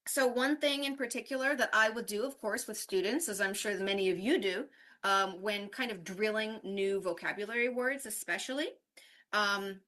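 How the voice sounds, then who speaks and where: Bright-voiced woman presenting a teaching workshop. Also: medium pitch, normal speed. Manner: explanatory, checks in with frequent "right?". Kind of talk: online conference workshop presentation.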